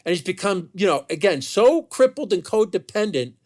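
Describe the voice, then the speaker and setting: A man telling a family story in an unscripted monologue, heated and animated, with many restarts and asides. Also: sits high, moderate pace.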